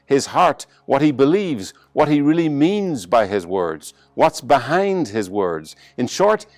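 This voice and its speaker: A man with an Irish accent preaching a sermon as pastor, pressing hard on some phrases and dropping to a soft, slow hush on others. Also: medium pitch, dry recording. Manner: varies emphasis and pace, slows to a soft hush on key lines.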